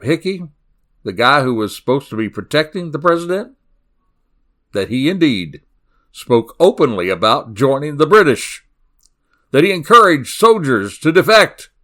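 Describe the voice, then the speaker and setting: Southern guy hosting a crime podcast, folksy and dramatic, voice jumps up and down a lot. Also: fairly bright tone. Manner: folksy, dramatic storytelling with sudden pitch swings. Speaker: podcast host. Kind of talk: true-crime podcast narration.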